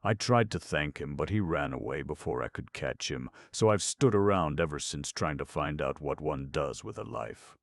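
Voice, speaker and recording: A man reads an ancient stone giant with a rasping, creaking voice that sits extremely low. He talks frankly and slowly, blunt and curious, in a dry, close audiobook recording. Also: lively intonation, no echo, full character voice. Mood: musing. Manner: frank and slow. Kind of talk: audiobook narration.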